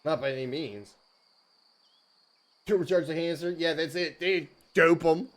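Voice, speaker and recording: A man's voice: on the high side, unhurried. A man hosting a livestream, chatting casually with viewers in a jokey way and laughing often. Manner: jokey, laughs often, says "dude" and "frickin'". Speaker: livestream host.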